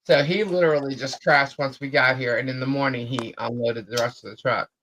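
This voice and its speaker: A woman's voice: rumbling low, steady tone, brisk, fairly bright tone, slight background noise, low-quality recording. A woman co-hosting a live chat show, telling a long story in a rambling way, full of fillers and repeated phrases.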